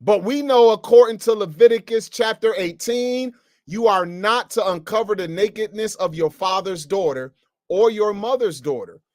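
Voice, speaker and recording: Animated, slangy New teacher. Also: male voice, high-pitched, normal speed, no echo, clean studio sound. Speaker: Bible teacher. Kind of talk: casual Bible teaching.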